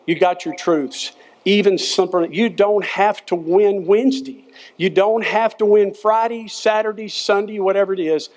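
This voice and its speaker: A man's voice: high-pitched, measured pace, a little mellow. An older man, a former football coach giving an earnest, folksy chapel sermon to students in short, repeated phrases. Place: school chapel.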